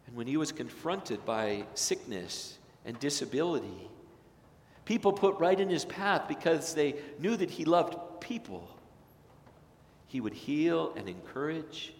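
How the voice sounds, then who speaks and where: Impassioned preacher in an echoing sanctuary. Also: male voice, fairly high pitch, sing-song. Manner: impassioned, swings from loud emphatic peaks to hushed slow phrases. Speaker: pastor. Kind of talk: sermon. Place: church sanctuary.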